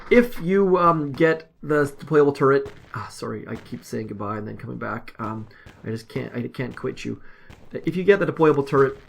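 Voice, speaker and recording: A man's voice: mid-range voice, gravelly. A man casually commenting as he plays a mobile strategy game, rambling and self-deprecating. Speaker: mobile game video host.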